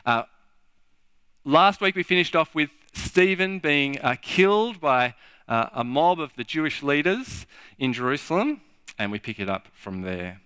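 A man preaching a sermon in a halting, repetitive way, acting out little scenes as he talks. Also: a little high, very animated, pushed and bright, clear, resonant tone, no echo. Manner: halting, repeats words, acts out little scenes. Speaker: pastor. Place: church.

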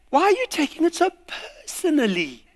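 A man's voice: high voice, a bit bright. A man preaching a sermon, acting out little scenes and voices as he goes. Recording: long hall reverb.

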